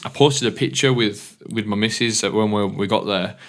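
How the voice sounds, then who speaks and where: A man's voice: on the low side, normal speed, a bit bright. A man co-hosting a podcast, telling a casual story with loose, rambling phrasing. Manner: rambling, many fillers and restarts, chatty storyteller. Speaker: DJ and podcast co-host. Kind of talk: casual chat and anecdote.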